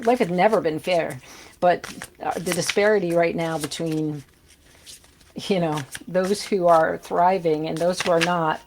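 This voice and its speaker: A woman's voice: on the low side, darkish tone, a little hiss or hum. A woman giving a casual tarot reading, chatty and reassuring, with loose fillers as she turns the cards. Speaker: tarot reader.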